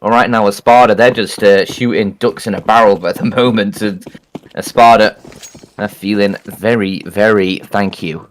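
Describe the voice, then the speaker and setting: A man's voice: on the low side, fairly even intonation, normal speed. Joking male esports caster. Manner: joking, chatty, laughs often. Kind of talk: play-by-play commentary. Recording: faint background noise.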